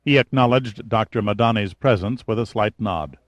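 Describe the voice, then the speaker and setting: A man narrating a thriller novel as a scripted audiobook, with even, descriptive storytelling. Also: on the low side, normal speed, no echo.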